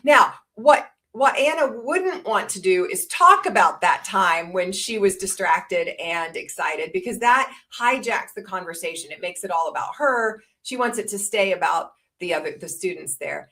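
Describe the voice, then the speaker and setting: A woman's voice: mid-range voice, expressive, normal speed, few pauses, sharp tone. A woman in her fifties presenting a listening course, explaining tips in a casual webinar talk and acting out example lines.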